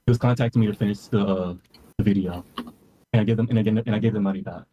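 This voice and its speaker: A man's voice: lowish voice, fairly even intonation, fast, slight background noise. A man calling in as a guest, flustered and stammering as he repeats himself while defending his timeline. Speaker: accused guest. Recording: muffled, dull call audio.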